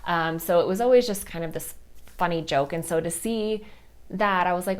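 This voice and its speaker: A woman in her thirties with a slightly low voice hosts her own podcast. She talks candidly and from the heart, with a loose, chatty delivery full of fillers. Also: moderate pace, clear, resonant tone. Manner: candid, heartfelt, many fillers like "like" and "you know". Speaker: podcast host. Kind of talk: personal storytelling podcast.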